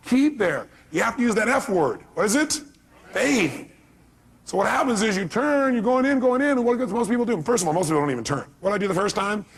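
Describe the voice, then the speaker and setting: A man with a gravelly, husky voice giving a motivational seminar talk to an audience, telling stories dramatically and acting out voices, going from loud to soft. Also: high voice. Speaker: motivational speaker.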